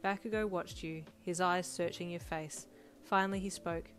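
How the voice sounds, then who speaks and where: A woman reading a second-person fan fiction story in an even, steady way. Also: on the low side, moderate pace. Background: faint music.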